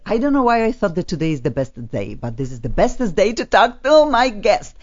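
A low-pitched woman speaks English with a foreign accent as she hosts a radio talk show. She is chatty and effusive and rambles warmly between topics. The studio audio sounds dull and lo-fi. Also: big pitch swings, moderate pace, few pauses. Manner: chatty and effusive, laughs often.

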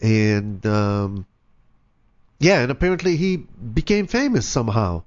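Lively-voiced laid-back male co-host. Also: medium pitch, unhurried, dull audio. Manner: laid-back, laughs along, short replies. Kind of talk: casual chat.

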